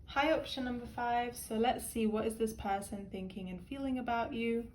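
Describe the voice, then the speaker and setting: A woman's voice: on the high side, fairly even intonation, moderate pace, a little hiss or hum. Earnest woman giving a rambling tarot reading. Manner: rambling, full of "um" and "like"; earnest, emotional. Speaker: tarot card reader. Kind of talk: pick-a-card tarot reading to camera.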